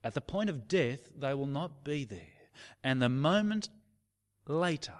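Slow, lively preacher man in a reverberant hall. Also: mid-range voice. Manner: slow, emphatic preaching with dramatic drops to a hush. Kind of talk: sermon. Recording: long reverb of a large hall.

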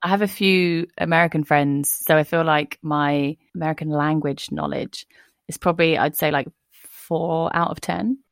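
A young woman hosts a podcast in an easy, chatty way, sprinkling her talk with "like" and quick giggles. Her voice sits low for a woman. The sound is dry and close, with no room around it. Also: fairly even intonation, gravelly, no echo. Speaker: podcast host. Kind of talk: casual chat.

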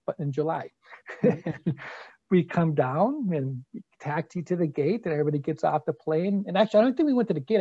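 A host in a casual interview, telling travel stories in a calm, reflective way. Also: mid-range voice, no room sound. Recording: dull dry sound.

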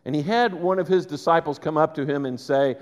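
A man preaching a sermon, conversational and animated, with quick asides to the congregation. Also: fairly high pitch. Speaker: pastor. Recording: reverberant church hall.

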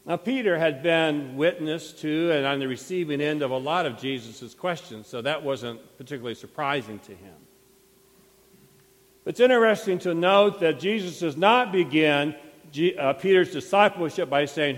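A man's voice: a little high, expressive, moderate pace, big-room sound. A man preaching a sermon as pastor, retelling a story with dramatic acted quotes. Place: church sanctuary.

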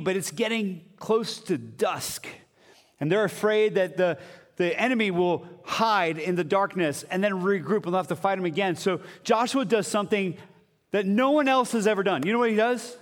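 Guy pastor preaching, chatty and lively, kinda high voice, big hall reverb. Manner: conversational and animated, with sudden drops to a quiet voice. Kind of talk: sermon.

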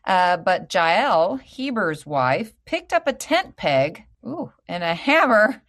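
A woman's voice: mid-range voice, big pitch swings, slow, fairly bright tone. A woman co-hosting a casual podcast, bantering and laughing often. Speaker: podcast co-host.

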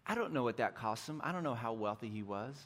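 A man's voice: medium pitch, animated, quick pace, a bit bright. Joking conversational male pastor. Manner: joking, conversational, self-deprecating. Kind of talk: sermon.

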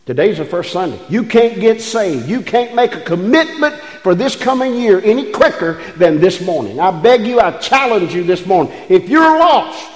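A man's voice: high voice, big pitch swings. Male pastor, folksy-to-fervent sermon, roomy sanctuary sound. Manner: folksy, rising to fervent preaching with drawn-out phrases. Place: church sanctuary. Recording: echoey church hall.

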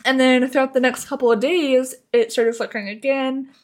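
A woman's voice: sits high, steady tone, moderate pace. A woman co-hosting a podcast, telling a rambling, profane, comic story in a casual chat. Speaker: podcast co-host.

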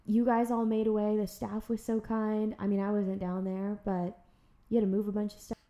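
A woman podcast host telling a personal story in a casual, animated chat. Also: medium pitch, moderate pace. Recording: roomy echo.

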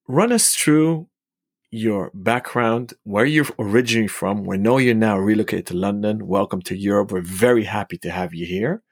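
A male podcast co-host with a low, husky voice. He is friendly and teases the guest. The sound is dry and close. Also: dry recording. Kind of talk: casual podcast hosting.

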